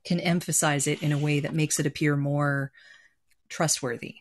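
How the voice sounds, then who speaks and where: A woman's voice: low voice, little pitch movement, moderate pace, slight background noise. A woman hosting a podcast, moving from a scripted intro to a friendly, curious interview. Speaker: podcast host.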